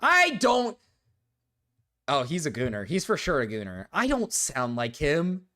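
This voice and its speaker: A young man streaming live, chatting casually and reacting defensively, moving between low mumbles and loud protests. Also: huge pitch swings, unhurried.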